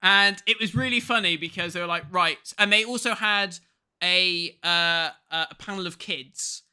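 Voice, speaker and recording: With a high-pitched, smooth voice at a moderate pace, a thirty-something man from England tells stories on the casual podcast he co-hosts. He brings quoted people to life by acting them out, storytelling with plenty of animation.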